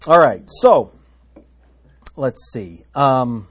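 A man teaching through a Bible passage in a relaxed, chatty way. He reads the verses aloud and breaks off for joking asides. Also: medium pitch, very slow, slightly rough. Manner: chatty and joking, laughing at his own asides and reading scripture aloud.

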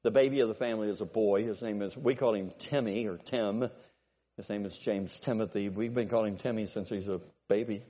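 A pastor in his sixties preaching a sermon, exhorting and building to forceful peaks. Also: fairly low pitch, steady tone, a little fast.

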